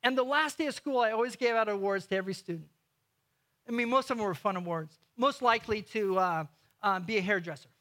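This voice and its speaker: A man preaching a sermon, telling a story with loud bursts and hushed, slow emphasis. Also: high voice. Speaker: guest preacher.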